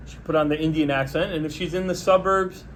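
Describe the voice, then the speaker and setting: A man hosting a podcast, delivering a sarcastic, mocking solo rant in a deadpan pitching tone. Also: quick pace, a little hiss or hum. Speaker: podcast host. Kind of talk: solo comedic political rant.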